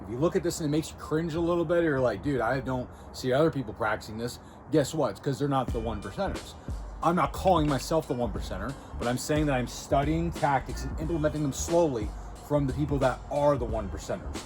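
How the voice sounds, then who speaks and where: A man's voice: on the high side, lively intonation, quick pace. A man hosting a self-improvement video, coaching the viewer in a blunt, direct way and often checking in with "okay?" and "right?". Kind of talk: casual coaching talk to camera. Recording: music playing clearly behind him.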